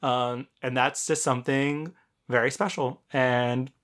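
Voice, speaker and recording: A man's voice: medium pitch, fairly even intonation, measured pace, fairly bright tone. A man co-hosting a podcast, chatting casually and enthusiastically about films, rambling and swearing. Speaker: podcast co-host. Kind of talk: casual film chat.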